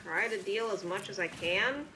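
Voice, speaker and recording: Woman, streamer, bright clear tone, casual wry commentary, chatty. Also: mid-range voice, normal speed, slight background noise. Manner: wry, chatty, self-deprecating. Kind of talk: casual live-stream commentary while playing.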